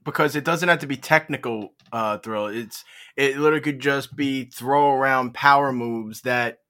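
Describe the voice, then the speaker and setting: A man's voice: mid-range voice, normal speed, pushed and bright. A man in casual chat, bluntly mocking an aging wrestler. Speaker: wrestling podcast co-host.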